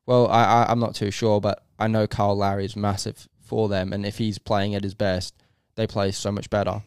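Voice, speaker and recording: A man's voice: lowish voice, flat delivery, normal speed, darkish tone, clean tone, dry recording, studio quality. A man co-hosting a casual sports podcast, chatty and teasing, hedging his opinions. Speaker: podcast co-host.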